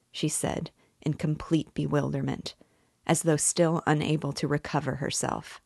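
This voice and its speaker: A woman reading a classic novel aloud in a measured, steady narration. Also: low voice, vocal fry, breathy edge, no echo, studio quality. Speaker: book reader and guide.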